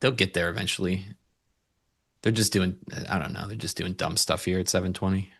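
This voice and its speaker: A man's voice: deep voice, fairly even intonation, fairly quick, creaky, fairly bright tone, husky. A man co-hosting a live trading stream in casual banter, joking and playful, fond of dad jokes. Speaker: co-host and futures trader.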